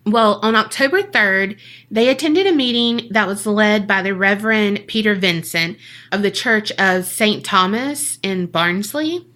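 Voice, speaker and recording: Woman podcast host, bright voice, animated, cusses while she tells the story. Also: medium pitch, unhurried. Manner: animated, swearing, acts out quoted people in slang. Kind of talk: casual storytelling chat.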